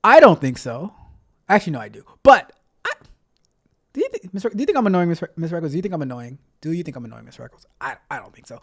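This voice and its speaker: A man's voice: a little high, sing-song, fast. A man hosting a casual tech livestream, chatting with viewers in a playful, repetitive, motivational way. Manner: playful, repeats himself a lot. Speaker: tech coach livestream host.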